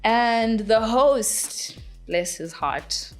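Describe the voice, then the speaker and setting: A woman's voice: on the high side, expressive, very slow, soft background music. A young woman from Zimbabwe, a singer-songwriter, answering interview questions in a chatty, giggly way with lots of fillers.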